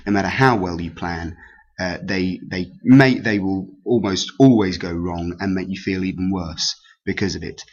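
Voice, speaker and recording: A man teaching an exam revision lesson in a hesitant, unscripted way, with many pauses and restarts. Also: deep voice. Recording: dull lo-fi sound.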